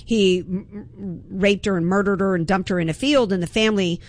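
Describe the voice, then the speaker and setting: A woman's voice: medium pitch, a little fast. A woman hosting a political talk radio show, delivering an impassioned, emphatic monologue with frequent restarts.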